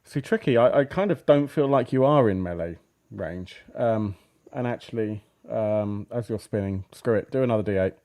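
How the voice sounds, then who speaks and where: Low, mellow-voiced man running a game. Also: moderate pace, few pauses. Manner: relaxed, hesitant, many fillers. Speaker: game master. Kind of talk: running a tabletop game over a live stream.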